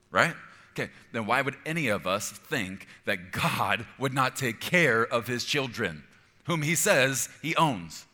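A male pastor preaching a sermon, emphatic and conversational, sometimes dropping to a hushed voice. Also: fairly low pitch, long reverb tail.

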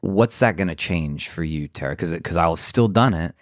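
A man co-hosting a podcast, talking in a reflective, halting way with lots of fillers. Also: sits low, lively intonation, dry recording, studio quality. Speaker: podcast co-host. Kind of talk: casual podcast chat.

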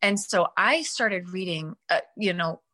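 Brief: woman guest, bright tone, animated personal storyteller. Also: on the low side, unhurried. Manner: animated, acts out her own past reactions. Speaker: guest, mother telling her son's story.

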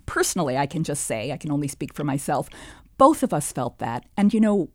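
A woman in her sixties, an author and historian, telling her story in a measured, reflective way during an interview. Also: low voice, sing-song, a little mellow, no room sound, clean studio sound. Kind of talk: interview conversation, reading from her childhood diary.

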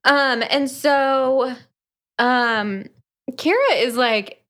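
A young adult woman co-hosting a podcast, recapping a book plot in dry, unhurried casual chat. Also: high voice, a bit bright. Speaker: podcast co-host.

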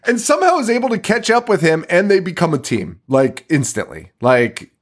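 A man's voice: high-pitched, very animated, fairly quick. A man hosting a podcast, recapping a movie in a casual, profane style, laughing often. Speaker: podcast host.

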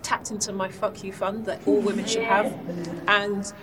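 A woman audience member in a casual chat, calm and methodical. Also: medium pitch, normal speed, a loud crowd. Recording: distant mic with clear background noise.

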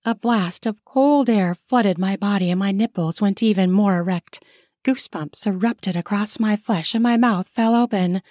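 A woman's voice: medium pitch, normal speed, warm tone, no echo, clean studio sound. A woman reading her own erotic short story aloud in an intimate first-person style. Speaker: narrator and author.

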